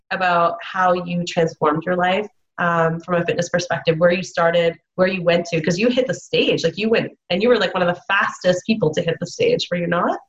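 A woman's voice: on the low side, fairly bright tone. A woman hosting a podcast, effusive and gushing as she introduces her guest. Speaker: podcast host. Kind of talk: casual interview chat. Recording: dull lo-fi sound.

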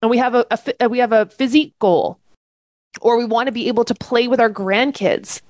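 A woman's voice: fairly high pitch, fairly quick, a little mellow, dry recording. A woman leading a live online fitness-coaching training class from a webcam setup. She speaks with enthusiasm and keeps checking in with "okay?" and "right?".

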